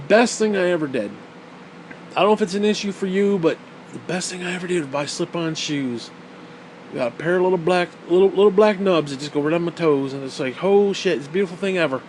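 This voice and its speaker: Man, slightly high voice, profane rambling rant, faint background hum. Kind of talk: casual rant.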